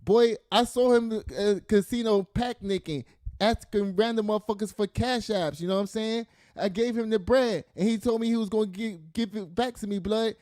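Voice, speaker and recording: A man's voice: sits high, normal speed, mellow, no room sound, clean studio sound, pitched above the performer's own voice, close to an everyday voice. A man voicing a brash, aggrieved young male rapper. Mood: boastful.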